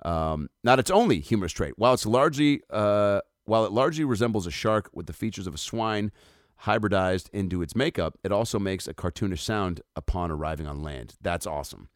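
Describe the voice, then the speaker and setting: Male comic podcast host, low voice, very animated delivery, riffing casually over articles. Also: brisk, no echo, clean studio sound. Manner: joking, loose, swearing, lots of fillers and asides.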